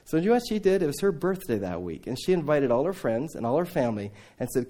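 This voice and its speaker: A man preaching a sermon to a congregation, telling Bible stories in a lively way, acting out the dialogue and turning to his listeners with asides. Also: mid-range voice, quick pace, few pauses. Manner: animated storytelling, acting out biblical dialogue. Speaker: preacher raising funds for a mission training center.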